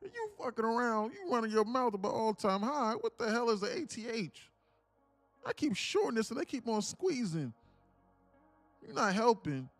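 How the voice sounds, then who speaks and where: A man voicing a broke, fed-up male viewer of a trading stream, ranting indignantly and profanely in a raised pitch. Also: sing-song, moderate pace, soft background music, exaggerated voice.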